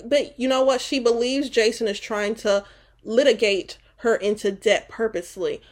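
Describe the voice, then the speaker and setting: A woman's voice: a little high, steady tone, moderate pace. Young woman, podcast guest, blunt, playful, slangy, casual chat. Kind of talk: casual pop-culture chat.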